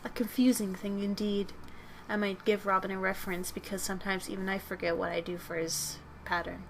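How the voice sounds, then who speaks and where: A woman's voice: medium pitch, level tone, brisk, fairly bright tone, slight background noise. A young woman at home, tired after work, rambling in a jokey, self-deprecating way as she chats while drawing. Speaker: channel host. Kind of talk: casual chat while drawing. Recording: music playing behind.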